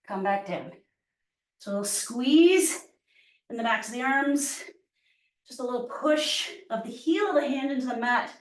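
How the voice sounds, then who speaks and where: A woman fitness instructor leading a workout class, cueing moves and counting down reps while out of breath. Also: high-pitched. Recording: echoey room, voice from far off mic.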